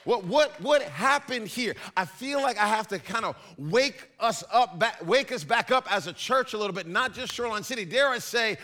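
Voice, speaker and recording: A man preaching as a pastor, animated and acting out little scenes in put-on voices. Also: high-pitched, moderate pace, hardly any pauses. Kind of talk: sermon.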